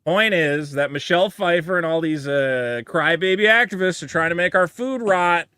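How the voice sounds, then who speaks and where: A man's voice: on the high side, animated, normal speed, sharp tone, clear, resonant tone, no room sound, studio quality. A man co-hosting a comedy podcast who talks in casual banter with a wry, sarcastic delivery. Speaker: podcast co-host.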